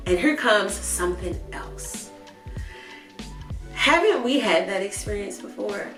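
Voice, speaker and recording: A woman's voice: medium pitch, expressive, takes it slowly. A woman teaching a Sunday school lesson in a conversational way, talking earnestly and directly to her viewers. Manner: earnest, warm laughs at asides, talks directly to viewers. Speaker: Bible study teacher. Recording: roomy, from a distance, with soft music behind. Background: faint background music.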